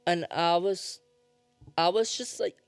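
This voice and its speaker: A man's voice: high-pitched, takes it slowly, gravelly, clean tone, no echo. A young man hosting his own podcast, rambling and emotional as he talks. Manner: rambling, self-interrupting, emotional. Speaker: podcast host. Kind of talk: casual solo podcast talk.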